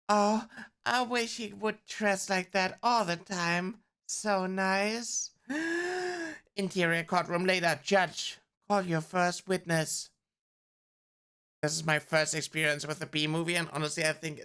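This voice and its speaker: A woman's voice: fairly low pitch, bright, forceful tone. A woman streamer reading a film script aloud and reacting candidly, with frequent swearing.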